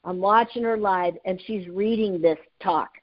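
A woman in her fifties, a sales and speaking trainer, telling stories with lively energy and frequent laughter in an interview. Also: mid-range voice, a little slow. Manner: lively, laughs often, acts out dialogue. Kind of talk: animated storytelling in an interview. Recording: dull lo-fi audio.

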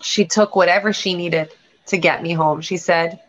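Woman, lower voice, earnest and rambling, personal story, dull lo-fi recording. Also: steady tone, moderate pace, fairly bright tone. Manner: earnest, rambling, restarts mid-thought. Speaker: realtor and show guest. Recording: lo-fi dull sound.

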